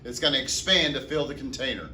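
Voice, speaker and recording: Male teacher mid-lecture; bright, forceful tone; asks and answers his own questions; mic far off in an echoey room. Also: mid-range voice, fast talker, slight background noise. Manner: asks the class questions and answers them himself. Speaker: chemistry teacher. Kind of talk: classroom lecture. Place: classroom.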